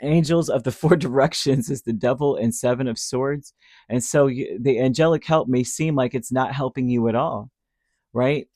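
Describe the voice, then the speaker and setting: A man's voice: medium pitch, normal speed, a little mellow, no room sound, studio quality. A man giving a casual, rambling tarot reading, who acts out little voices as he talks. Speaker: tarot reader.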